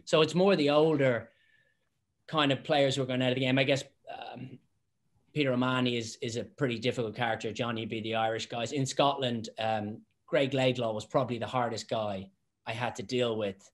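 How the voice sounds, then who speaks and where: A man who used to be a professional referee, chatting on a podcast and telling lively anecdotes with lots of restarts and repeated words. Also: medium pitch, fairly quick. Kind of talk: casual podcast chat, anecdotes.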